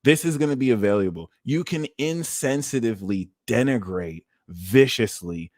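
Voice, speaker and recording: A man's voice: mid-range voice, moderate pace, hardly any pauses, no echo. A man gives an astrology reading on a livestream, his voice swinging widely up and down. He is emphatic and drops curses freely. The sound is dry and close. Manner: animated, emphatic, swears freely. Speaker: astrologer and tarot reader.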